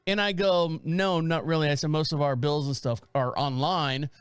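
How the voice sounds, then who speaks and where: A man's voice: a little high, normal speed, clear, resonant tone, no echo, studio quality. A man in his forties co-hosting a casual chat, telling a story and quoting his neighbor in voices. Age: 40s. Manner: animated storyteller, quotes neighbor in put-on voices. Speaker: podcast co-host.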